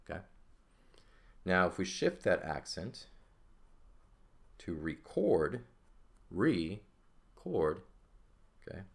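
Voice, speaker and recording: Man as a teacher, voice sits very low, explains patiently and checks understanding as he goes. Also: a bit bright. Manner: explanatory, checks in with "okay?" and "right?". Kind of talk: recorded language lesson.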